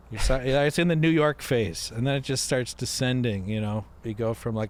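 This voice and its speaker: A man's voice: mid-range voice, steady tone, brisk, few pauses. A man co-hosting a casual comedy podcast, telling rambling stories and slipping into put-on voices. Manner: slips into jokey put-on voices, rambling storyteller. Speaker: podcast co-host.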